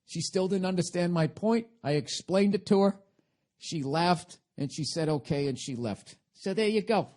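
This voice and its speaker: A man's voice: high voice, normal speed, a little mellow. A man hosting a podcast, talking in a rambling, profane, sarcastic comedic monologue. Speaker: podcast host.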